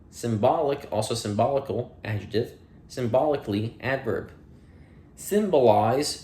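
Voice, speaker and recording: Male reader, mid-pitched, dry and plain, reads dictionary entries in a reverberant room. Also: darkish tone, a little hiss or hum. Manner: plain reading with dry asides and playful slips. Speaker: audiobook reader. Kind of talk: reading dictionary entries aloud.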